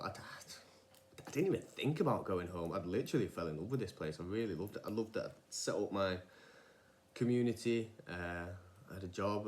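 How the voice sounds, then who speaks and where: Young guy rambling on in a vlog, lowish voice, lots of restarts and side tracks. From England. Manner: rambling, digressive, many restarts and fillers. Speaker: vlogger. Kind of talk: casual podcast-style monologue.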